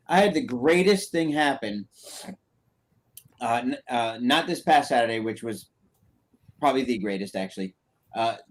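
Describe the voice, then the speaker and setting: A man co-hosting a casual podcast, telling stories in an animated, rambling way. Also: mid-range voice. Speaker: podcast co-host.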